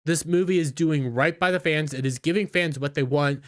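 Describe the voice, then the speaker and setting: A man's voice: on the high side, normal speed, fairly bright tone. A man giving opinionated commentary in an indignant, scornful, ranting manner. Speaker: YouTube commentator.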